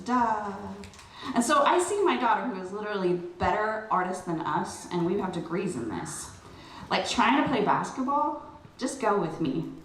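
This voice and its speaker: A middle-aged woman speaking at an event, telling a personal story in an animated, chatty way with lots of fillers. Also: medium pitch. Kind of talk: storytelling speech to a crowd. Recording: roomy, distant PA sound with light noise.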